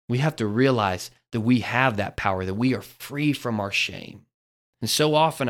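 A man's voice: mid-range voice, a bit bright. A man hosting a devotional podcast, talking in an earnest, storytelling way. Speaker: podcast host.

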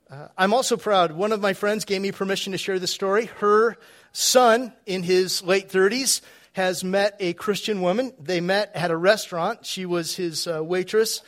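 High-voiced male pastor preaching. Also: a bit bright. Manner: conversational, chuckling asides, frequent restarts. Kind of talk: sermon. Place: church.

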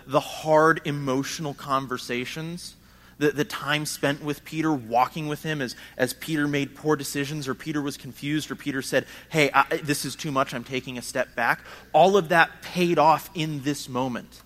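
A man's voice: a little high, fairly even intonation, moderate pace, a bit bright. A man preaching a sermon in an earnest, conversational way, often repeating words as he builds his points.

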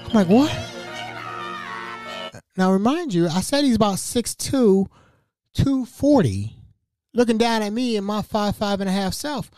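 A podcast host in his forties telling a personal story in an animated way, often stammering and repeating himself. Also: high voice, normal speed, soft background music. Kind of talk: storytelling monologue.

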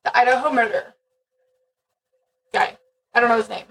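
A woman's voice: a little high, fairly even intonation, normal speed, gravelly, fairly bright tone, husky, far from the mic, rough recording. A woman co-hosting a podcast in casual chat, blunt and swearing freely, with rambling asides. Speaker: podcast co-host.

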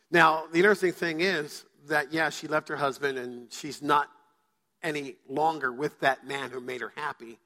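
A man's voice: a little high, steady tone, normal speed, pushed and bright. A male pastor preaching a sermon to his church, telling stories and acting out quoted voices. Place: church sanctuary. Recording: church hall reverb.

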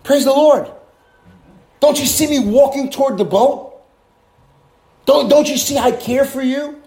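A man voicing a gentle, reassuring savior who asks tender, pleading questions. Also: extremely high pitch, a little slow, voice pushed up. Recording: roomy, echoing room.

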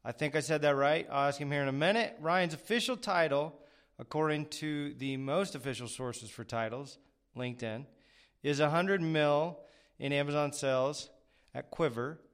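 Male podcast host, young adult, smooth resonant voice, rambling self-deprecating chat. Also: on the high side, moderate pace, fairly bright tone. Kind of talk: casual interview chat.

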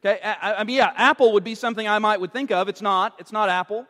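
High-voiced joking preacher in a reverberant hall. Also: male voice, steady tone, fast talker, sharp tone. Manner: teasing, joking with the congregation. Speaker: pastor. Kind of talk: sermon.

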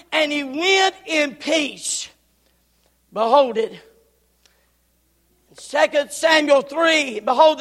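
A man preaching a Sunday sermon, calling for amens and breaking into shouts as he retells the story. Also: very high-pitched, long reverb tail. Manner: call-and-response, bursts into shouting. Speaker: pastor. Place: church.

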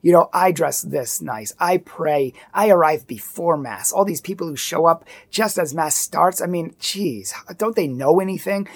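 Woman preaching on faith, kinda low voice, earnest and emphatic. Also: a little mellow, breathy edge. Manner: earnest, emphatic, acts out quoted attitudes. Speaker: Catholic speaker. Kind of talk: religious teaching talk.

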